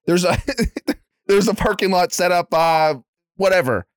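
A man's voice: high voice, unhurried, dry recording. Profane, laughing podcast guy, dry sound. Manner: profane, laughing, animated storyteller. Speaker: podcast co-host. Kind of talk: casual chat, storytelling.

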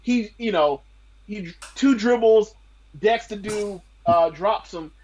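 A man's voice: sits high, slow pace, a little mellow, slight background noise, low-quality recording. A man co-hosting a casual podcast, blunt and swearing, repeating words as he builds a point. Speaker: podcast co-host. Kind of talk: casual chat recapping a wrestling show.

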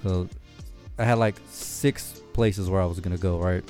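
Low-voiced man telling a casual story. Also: fairly even intonation, normal speed, soft background music. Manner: laughing, profane, gets loud and high when worked up.

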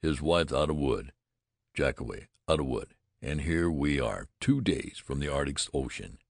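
A man reading a gruff, hot-tempered frontier trapper with a folksy drawl in an audiobook. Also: extremely low pitch, expressive, moderate pace, no room sound, clean studio sound, heavily acted.

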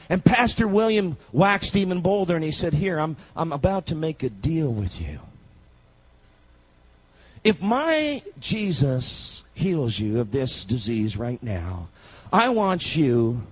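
A man preaching a sermon, moving between quiet storytelling and loud shouted proclamation. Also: a little high, slightly rough, no room sound, muffled recording.

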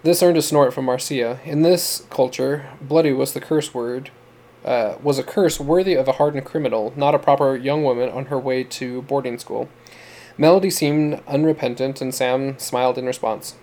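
Mellow male storyteller. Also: mid-range voice, fairly even intonation, moderate pace. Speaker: narrator. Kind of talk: scripted audiobook narration.

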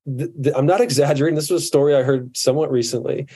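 Earnest, mellow-voiced man in his forties. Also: medium pitch, steady tone, slightly rough. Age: 40s. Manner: earnest, halting with restarts. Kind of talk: casual podcast conversation.

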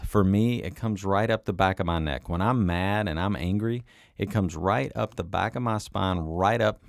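A middle-aged man with a very low voice, coaching other men in a relaxed, conversational way. He keeps checking in with his listeners by asking "right?" and "okay?". The recording is close and dry, with no room sound. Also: dry recording. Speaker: men's coach. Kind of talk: coaching talk to camera.

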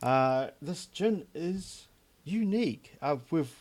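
A man's voice: fairly high pitch, lively intonation, slow pace, darkish tone. A man co-hosting a casual podcast about gin, talking in a dry, joking way with plenty of fillers. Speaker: podcast co-host. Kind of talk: casual chat.

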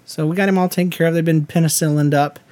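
A man's voice: on the high side, steady tone, fast talker, a little mellow, a little hiss or hum. A man who is a podcast co-host and pastor in casual chat, loose and joking. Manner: loose, joking, fond of tangents.

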